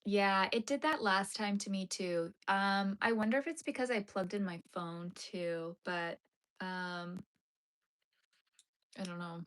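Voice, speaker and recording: A young woman hosting a casual crochet livestream from her home, chatting with viewers and sometimes dropping into soft murmurs and whispers. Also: medium pitch, measured pace. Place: home crafting room.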